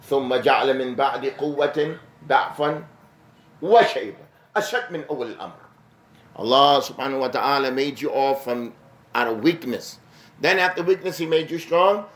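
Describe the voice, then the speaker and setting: A man teaching a mosque lesson, reciting Arabic verses quickly and then explaining them in English with rising emphasis. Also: a little high. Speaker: imam teaching a class. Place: mosque hall. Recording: echoey mosque room.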